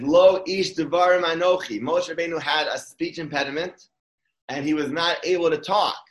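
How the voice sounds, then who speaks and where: A man with a slightly higher voice gives a casual Torah talk. He speaks conversationally and often restarts his sentences. The room around him is echoey. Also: fairly bright tone.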